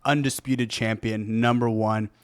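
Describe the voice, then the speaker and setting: A young man co-hosting a podcast, talking casually, animated and often laughing, mimicking rude tones. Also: fairly low pitch, measured pace, clear, resonant tone. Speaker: podcast co-host.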